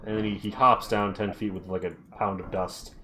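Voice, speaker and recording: A man's voice: on the low side, level tone, brisk, sharp tone. A man narrating as game master at a tabletop game, in a casual, rambling way with many fillers.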